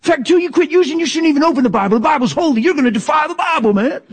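A preacher putting on the voice of a judgmental, scolding churchgoer, high and loud. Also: male voice, expressive, rapid-fire. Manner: scolding, shrill and mocking. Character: judgmental preachy church critic, male adult.

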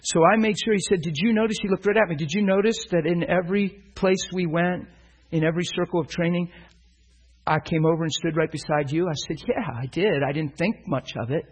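A man's voice: on the high side, brisk, slightly rough, rough recording. A middle-aged man preaching, telling a personal story and acting out the dialogue with animation. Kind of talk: sermon storytelling.

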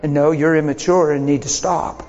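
Pastor guy preaching, high voice, animated storytelling, kinda dull lo-fi church hall recording with a long echo. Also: normal speed. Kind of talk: sermon with storytelling.

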